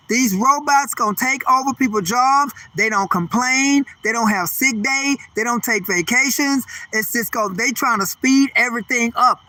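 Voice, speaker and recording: An older male comedian in a profane, rambling rant. His voice is very high and bright, and he keeps piling up his complaints. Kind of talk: stand-up style ranting monologue.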